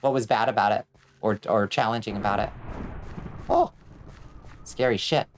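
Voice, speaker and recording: A woman's voice: rumbling low, moderate pace, slight background noise. A woman streaming a video game, chatting casually with viewers and shrieking and swearing when things go wrong. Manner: excitable, screams and swears when in danger. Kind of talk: casual gaming stream chat.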